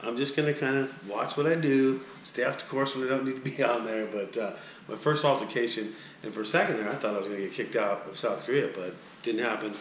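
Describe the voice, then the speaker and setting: A man who works as a sports announcer, telling a story to the camera in a chatty, animated vlog style. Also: medium pitch, slight background noise. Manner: animated, chatty, talks straight to the viewer.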